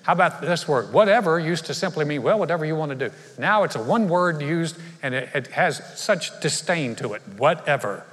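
A man's voice: fairly high pitch, lively intonation, a little fast, hardly any pauses, a bit bright. A man, a pastor giving a conversational, humorous sermon in a large church. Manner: conversational storytelling with humor and asides. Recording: live church hall reverb.

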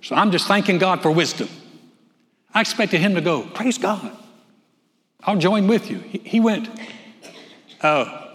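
A man's voice: sits high, moderate pace. Preaching man in a reverberant church hall. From North Carolina. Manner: animated preaching, swings from loud to hushed. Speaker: pastor. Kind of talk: sermon. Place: church sanctuary.

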